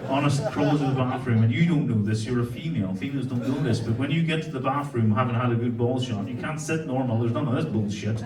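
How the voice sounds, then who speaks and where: A man's voice: mid-range voice, fast, few pauses, distant mic. An Irish man in his forties doing live stand-up, telling stories and bantering with the crowd in a brash, sweary way. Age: 40s. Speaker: stand-up comedian. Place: comedy venue stage. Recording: echoey hall, from afar, crowd laughter. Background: audience laughter.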